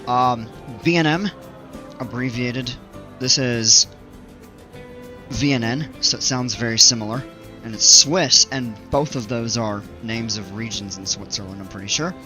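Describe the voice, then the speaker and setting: A man giving casual commentary while playing a building game, thinking aloud with fillers, his voice a little hoarse. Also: medium pitch, unhurried, pushed and bright, soft background music. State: slightly hoarse, regaining voice. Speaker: gaming video creator.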